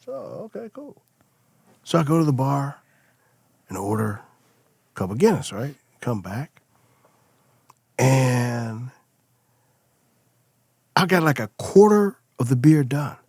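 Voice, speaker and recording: A middle-aged man telling stories as a podcast guest, lively and acting out the people he quotes. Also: mid-range voice, slow, pauses often, breathy edge, dry recording. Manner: animated storyteller, acts out quoted voices. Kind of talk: casual storytelling chat.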